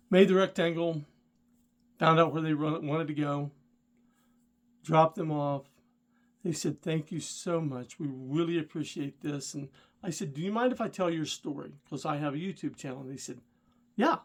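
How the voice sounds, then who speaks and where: Speaking directly to the viewer in a casual vlog, a middle-aged man with a somewhat high voice recounts a story from his driving days. He is a rideshare driver and channel host, and he becomes worked up and indignant as the tale unfolds.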